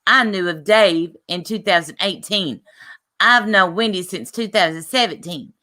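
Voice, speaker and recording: A woman's voice: medium pitch, normal speed, pushed and bright, lightly acted. A woman voicing a snippy woman commenter in a mock New York drawl with a scolding attitude.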